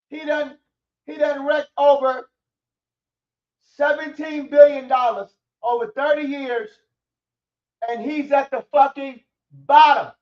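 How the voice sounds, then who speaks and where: A man's voice: very high-pitched, fairly even intonation, slow pace, pauses often, recorded from a distance, highs cut off. A man ranting angrily and profanely about his football team on a stream. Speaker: sports commentary streamer. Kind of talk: angry sports rant.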